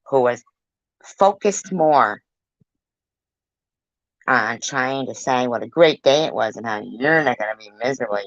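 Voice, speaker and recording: A woman's voice: rumbling low, no room sound, muffled recording. A woman giving angry reaction commentary on a clip, scolding and cursing with blunt insults.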